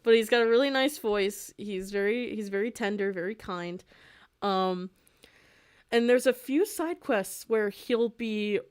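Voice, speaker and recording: A young woman in her twenties talks casually on a drawing livestream. Her voice sits at a middle pitch, and she rambles along with plenty of ums and detours. She is quick to find things funny. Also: darkish tone, clear, resonant tone. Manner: rambling, lots of fillers, easily amused. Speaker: streamer and artist.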